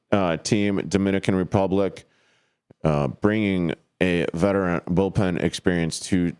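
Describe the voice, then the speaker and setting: A deep-voiced man hosting a sports radio show solo from a studio, his voice smooth and resonant. He talks in a slow, unhurried way, rambling and joking through plenty of fillers and jumping up into high, yelped player names now and then. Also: a little mellow. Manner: rambling and jokey, full of fillers, with sudden high yelped name calls.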